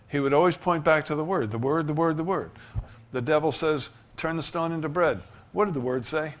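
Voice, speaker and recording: A male pastor delivers a sermon in a voice pitched a little high. He preaches emphatically, leaping to loud peaks and dropping to soft asides. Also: a little fast.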